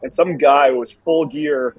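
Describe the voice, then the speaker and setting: Male guest, halting delivery, mid pitch, dull lo-fi remote line. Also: steady tone, husky, no room sound. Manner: halting, hesitant starts. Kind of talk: casual chat.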